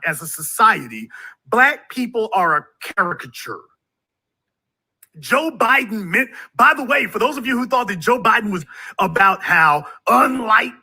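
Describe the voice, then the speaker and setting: A man hosting a call-in talk show, with a forceful, repetitive, preaching delivery. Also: sits high, slightly rough.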